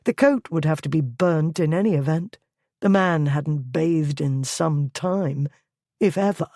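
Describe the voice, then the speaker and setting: An audiobook narrator giving a measured, even scripted reading of a historical romance. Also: mid-range voice, no room sound, clean studio sound.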